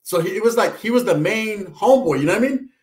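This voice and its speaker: A man's voice: high voice, expressive, fast talker, reverberant. A middle-aged man telling loose, profane neighborhood stories in a casual chat, laughing as he goes. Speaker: podcast co-host.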